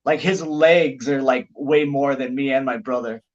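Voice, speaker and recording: A middle-aged man, a pro wrestler guest on a podcast, telling anecdotes in an animated, casual way with lots of "like" fillers. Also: medium pitch, normal speed, highs cut off.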